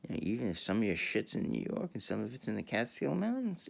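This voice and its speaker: Gravelly man with a wildly swinging pitch. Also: huge pitch swings, fast talker. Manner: profane, laughs often, swings from mumbling to shouting. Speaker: video host. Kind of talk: rambling casual monologue.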